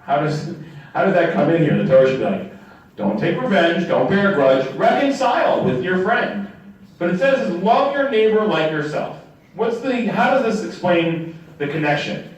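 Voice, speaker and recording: A man giving a sermon as a rabbi, telling stories and acting out the people in them with lively swings in voice. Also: on the high side. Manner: animated storytelling, acting out quoted characters. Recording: echoey room from a distant mic.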